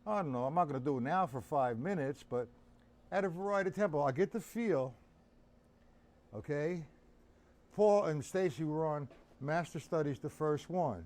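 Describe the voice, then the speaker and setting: A man's voice: fairly high pitch, moderate pace, pauses often. A tired man giving a live-streamed drum lesson, chatting loosely and greeting viewers by name. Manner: relaxed, chatty, talks to chat viewers by name. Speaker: drum teacher.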